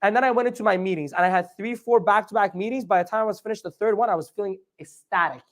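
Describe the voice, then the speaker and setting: A man giving a live motivational training talk, animated, often asking the audience questions and acting out his own inner dialogue. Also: sits high, quick pace. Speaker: motivational speaker.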